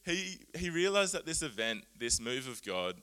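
A man preaching a sermon, earnest and animated, often laughing at himself as he explains Bible words. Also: mid-range voice, moderate pace, smooth.

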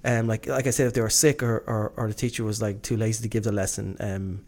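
A man's voice: fairly low pitch, level tone, fast, a little mellow. A man from Britain co-hosting a casual chat, rambling and enthusiastic, full of fillers and restarts. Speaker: podcast co-host.

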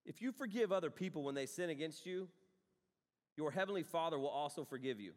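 Animated man preaching in a reverberant hall. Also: a little high, fairly quick. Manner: animated, storytelling with sudden loud outbursts and quiet asides. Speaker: pastor. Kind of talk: sermon.

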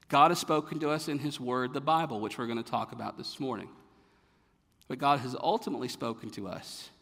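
The recording carries a long hall echo as a male pastor preaches, rising to pointed rhetorical questions and afterward falling to a hushed, low tone.

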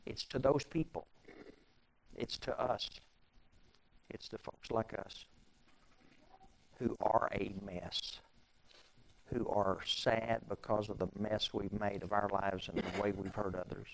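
A pastor preaching a sermon in a conversational way, with repeated phrases and strings of rhetorical questions. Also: male voice, fairly low pitch, steady tone, takes it slowly, vocal fry, long pauses, poor audio.

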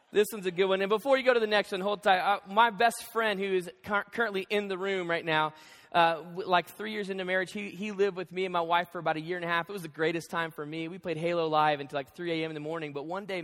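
High, bright-voiced pastor preaching in a hall. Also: male voice, a little fast. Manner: animated, joking, acts out quoted voices. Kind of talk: sermon. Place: church auditorium. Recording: long hall reverb.

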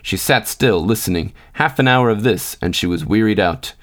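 Male narrator, low voice, measured storytelling. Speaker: podcast host. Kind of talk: scripted narration.

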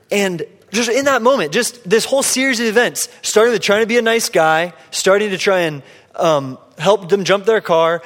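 A man preaching a sermon as pastor, telling a story in a casual, conversational way. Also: high voice. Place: church sanctuary. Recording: long hall reverb.

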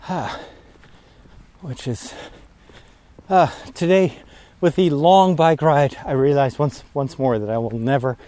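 A priest podcaster recording a casual vlog outdoors while walking, a bit out of breath, talking in a rambling, easily distracted way. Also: male voice, a little high, slow, warm tone, dry recording. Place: outdoors on a walk at sunset.

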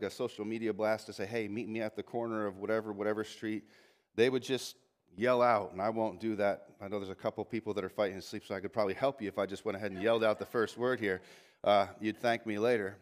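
A man preaching a sermon as lead pastor in a church, animated and full of restarts and asides, lifting his voice when reading scripture aloud. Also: fairly low pitch, quick pace. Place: church sanctuary.

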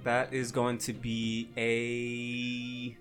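A man's voice: medium pitch, completely flat delivery, very slow, over music. Hesitant man playing a tabletop game. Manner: hesitant, with many fillers while deciding moves. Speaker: player. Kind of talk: casual tabletop game play.

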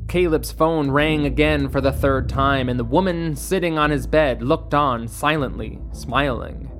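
A narrator reading a ghost story in a measured, steady way. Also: mid-range voice, soft background music.

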